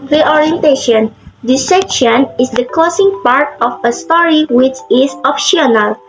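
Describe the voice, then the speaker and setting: A woman's voice: high voice, unhurried, rough recording. A young woman with an Indonesian accent giving a class presentation, reading out explanations. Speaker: student presenter. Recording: clear background music.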